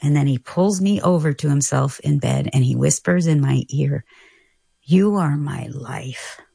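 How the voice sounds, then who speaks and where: A woman guest on a radio talk show, telling a personal story in an earnest, reflective way with soft laughs. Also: low voice, normal speed, gravelly, husky, no echo, clean studio sound. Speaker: guest author. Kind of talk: casual radio conversation.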